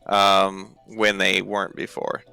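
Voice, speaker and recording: A man runs a tabletop game on stream, his voice gravelly and slow. He talks in a halting way, full of fillers and restarts. The sound is bright and dry. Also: deep voice, completely flat delivery, faint music behind. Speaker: game master.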